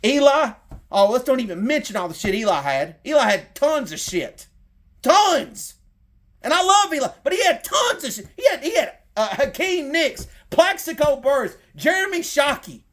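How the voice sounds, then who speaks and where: A middle-aged man with a Southern drawl and a very high voice rants about his team. He talks heated and profane, circling back on the same points. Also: sing-song, normal speed, a bit bright. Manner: heated, profane, repetitive rant. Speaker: sports fan content creator. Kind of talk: fired-up sports rant.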